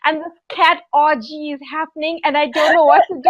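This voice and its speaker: A woman on a podcast telling a rambling story in casual chat, animated and giggly with lots of fillers. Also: sits high, brisk, few pauses, no echo, muffled recording. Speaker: podcast co-host.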